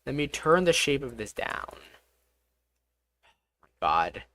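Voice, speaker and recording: Excitable, swearing game-dev streamer. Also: mid-range voice, takes it slowly. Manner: excitable, swears often, talks through each step aloud. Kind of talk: live-streamed coding commentary.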